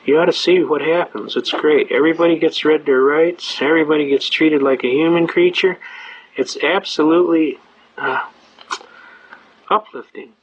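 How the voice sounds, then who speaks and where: A man's voice: a little high, fairly even intonation, moderate pace, a little hiss or hum. An older man giving a chatty, rambling lecture full of anecdotes and filler words. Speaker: speaker on citizens' rights. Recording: dull lo-fi recording.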